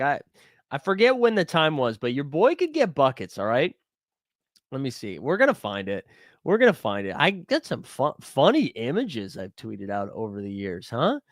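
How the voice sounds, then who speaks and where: Recorded dry in studio quality, this young livestream host talks at a normal speed in a slightly high voice with huge pitch swings. He rambles and jokes with his chat as he hunts for something.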